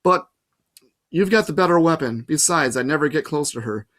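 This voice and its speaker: A man reading aloud and voicing a clever, bossy teenage girl who speaks briskly and insistently. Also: fairly high pitch, lively intonation, a bit bright. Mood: urgent, insistent.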